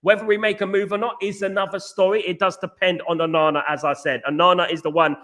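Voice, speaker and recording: A man's voice: high voice, level tone, quick pace, pushed and bright. Chatty man hosting a football stream. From London. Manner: repetitive, many fillers and restarts, combative. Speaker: host of a football fan livestream. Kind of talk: casual livestream chat reading viewer comments.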